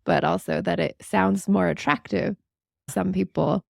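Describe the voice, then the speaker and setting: A woman co-hosting a podcast, telling a research story in an animated, casual way with a gravelly fry. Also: on the low side, normal speed, dry recording, studio quality. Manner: animated storytelling, lively asides. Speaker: podcast co-host.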